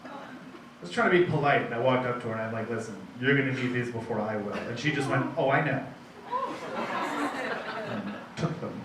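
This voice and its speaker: A man's voice: mid-range voice, a little fast, long pauses, far from the mic. A young man doing a rambling, self-deprecating stand-up set at a bar comedy night, with restarts and asides to the crowd. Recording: very echoey room, mic heard from afar, faint noise.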